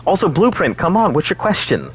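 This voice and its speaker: A man's voice: high-pitched, wildly swooping pitch, brisk, slightly rough. A man streaming a game, chatting casually and rambling, laughing often. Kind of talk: casual gaming chat.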